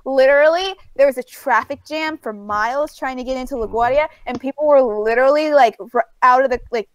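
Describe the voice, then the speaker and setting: A woman's voice: sits high, brisk, no room sound, dull audio. A woman with a New York accent, telling a story in a casual chat as co-host, rambling with lots of fillers.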